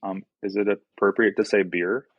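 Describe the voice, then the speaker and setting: A man's voice: on the low side, flat delivery, moderate pace, no echo, muffled recording. A man from the Southern US, a podcast guest chatting casually and joking about himself. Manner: chatty, self-deprecating, easy laughs. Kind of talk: casual conversation.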